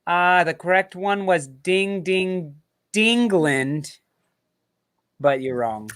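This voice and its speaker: American male host, slow easygoing delivery, bright tone, laughs and swears through trivia. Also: high-pitched, animated, clear, resonant tone. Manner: laughing, swearing, jokey asides. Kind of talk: casual trivia banter.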